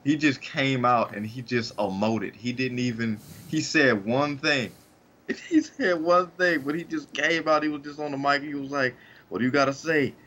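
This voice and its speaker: A man co-hosts a casual podcast, rambling with frequent restarts and laughing as he talks. His medium-pitched voice has normal speed and a fairly bright tone, on a dull lo-fi recording with a little hiss or hum.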